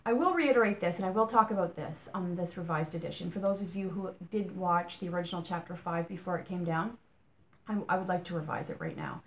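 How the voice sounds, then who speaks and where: A woman's voice: on the low side, lively intonation, fairly quick. A woman hosting a true-crime podcast, talking casually through her thoughts, asking rhetorical questions and sometimes getting exasperated.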